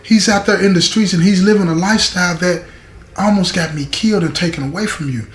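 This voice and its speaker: A man's voice: sits high, quick pace, a little hiss or hum, natural voice. A man quoting a weary, protective mother who earnestly pleads with her daughter and repeats herself for emphasis. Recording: echoey room.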